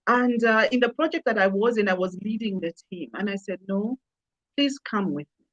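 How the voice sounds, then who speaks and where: A woman's voice: mid-range voice, animated, normal speed, a bit bright, lo-fi sound. A woman guest in a conversational interview, speaking emphatically and repeating phrases for effect. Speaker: customer experience consultant, guest.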